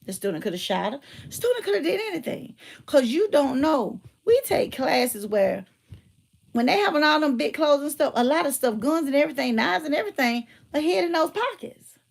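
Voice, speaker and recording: A middle-aged woman, telling stories and giving emphatic, animated commentary. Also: high-pitched, normal speed, vocal fry. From Georgia, US. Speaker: motivational speaker and teacher. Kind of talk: casual commentary with storytelling.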